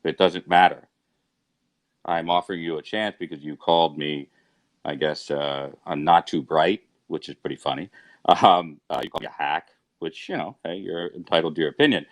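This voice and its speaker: A man in a live-stream argument, speaking in a measured way that turns sharply incredulous. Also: sits low. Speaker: livestream debate participant.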